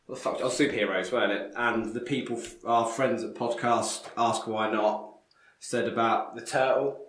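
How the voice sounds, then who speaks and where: A man co-hosting a podcast, giving loose shout-outs in casual chat with lots of fillers. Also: mid-range voice, fairly even intonation, moderate pace, slight background noise. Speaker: podcast co-host. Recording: echoey room.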